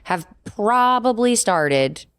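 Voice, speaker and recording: A woman's voice: fairly high pitch, lively intonation, slow pace, fairly bright tone, clean tone, no echo, studio quality. A woman co-hosting a podcast in casual chat, playful and full of slang. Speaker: podcast co-host.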